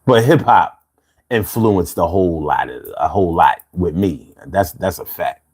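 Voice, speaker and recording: Animated streetwise Philly man. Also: sits low, measured pace, breathy edge. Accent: Philadelphia. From Philadelphia, USA. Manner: streetwise, laid-back, laughs often. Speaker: livestream host. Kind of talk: casual live chat reading comments.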